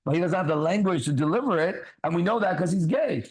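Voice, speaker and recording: A man's voice: sits high, expressive, quick pace, poor audio. A man hosting a ministry talk show, preaching bluntly with swearing and constant rhetorical questions.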